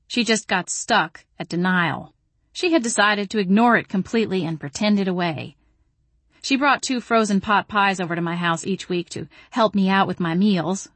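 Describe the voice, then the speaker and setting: A woman narrating a first-person audiobook in a wry, deadpan way. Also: mid-range voice, no room sound.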